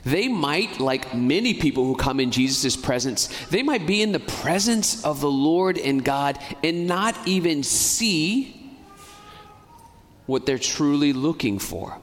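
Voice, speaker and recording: Earnest priest preaching in a reverberant church. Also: male voice, fairly high pitch, big pitch swings. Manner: earnest, pleading, speeds up and slows down. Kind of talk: sermon.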